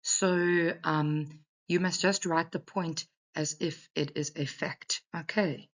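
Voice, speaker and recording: A woman's voice: low-pitched, fairly even intonation, slow pace, dull audio. A woman English teacher giving an exam revision lesson, talking a class through a text and often checking in with "okay".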